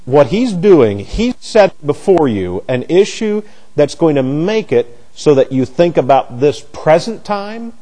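A middle-aged man teaching a Bible class in a warm, mellow voice that sits a little high for a man. He talks in halting bursts, restarting and repeating words as he searches for the right phrasing.

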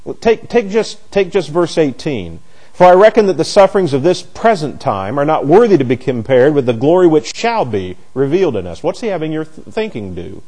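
Male Bible teacher, middle-aged, mellow tone, slightly high voice, halting repeats. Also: big pitch swings. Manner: halting, repeats words while searching for phrasing.

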